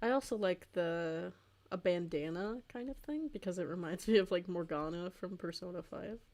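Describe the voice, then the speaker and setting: A woman's voice: on the low side, normal speed, a little mellow. A woman in her twenties, chatting casually and rambling with lots of fillers while she draws on a livestream, easily amused. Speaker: streamer and artist.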